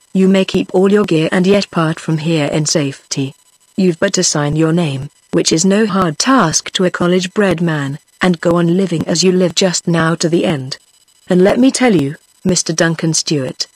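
A text-to-speech woman's voice with a British English accent reading a story aloud in an even, synthetic manner. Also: on the low side, slightly rough, no room sound. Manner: reads every character in the same flat voice, voicing punctuation aloud. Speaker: audiobook reader.

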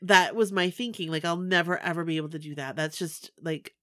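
A woman co-host chats casually and enthusiastically, with lots of fillers. Her voice sits a bit low but sounds bright and tense. The recording is dry and close. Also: fairly quick, no room sound. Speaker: podcast co-host. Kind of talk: casual chat.

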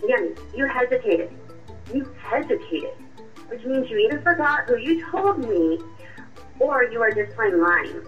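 A woman voicing a sharp, confrontational young girlfriend in a radio drama, with a cutting, accusing way of talking. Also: a little high, big pitch swings, a little slow. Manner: cutting, accusing, coolly triumphant. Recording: muffled distant voice with music.

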